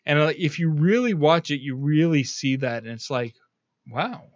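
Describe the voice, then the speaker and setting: A man's voice: on the high side, moderate pace, dry recording, highs cut off. A man hosting a podcast in loose, rambling talk, cursing freely and padding his speech with fillers. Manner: rambling, profane, lots of fillers. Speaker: podcast host. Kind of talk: casual podcast chat.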